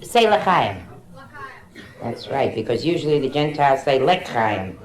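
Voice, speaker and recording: A woman's voice: very deep voice, sing-song, measured pace, background noise. A middle-aged woman doing bawdy stand-up comedy in a nightclub, teasing the audience on a handheld mic. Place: nightclub stage with live audience. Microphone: handheld stage mic. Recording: roomy early-1960s live club recording with music.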